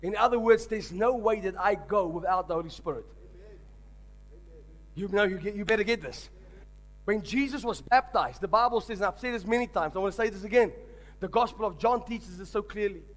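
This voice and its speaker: A man's voice: sits high, brisk. A man, a pastor, preaching a sermon emphatically and calling on the congregation to respond.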